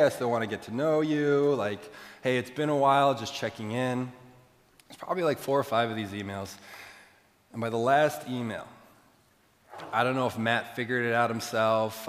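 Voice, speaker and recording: A young man preaching, telling a self-deprecating story in an animated way to his church. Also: mid-range voice. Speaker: pastor. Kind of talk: storytelling sermon. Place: large church hall. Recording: long hall reverb.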